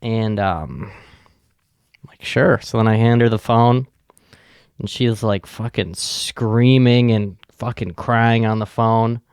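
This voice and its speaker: A podcast host with a low, gravelly voice talks slowly through a profane, rambling story. His tone is casual and unhurried. The recording is close and dry, with no room sound. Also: a little mellow, dry recording. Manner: profane, rambling anecdote teller.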